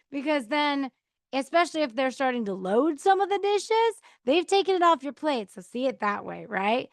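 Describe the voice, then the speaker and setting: Talking casually about choosing peace, this podcast host is chatty, acts out the replies she quotes and laughs often. Her high-sitting voice swings widely in pitch at a moderate pace, and the mic on a counter gives clean studio sound without echo.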